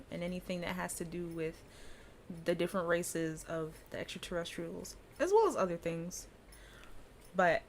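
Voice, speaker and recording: A woman's voice: fairly low pitch, slight background noise. A woman giving a casual pronunciation lesson, chatty and loose, often breaking into laughter as she explains. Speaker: language teacher.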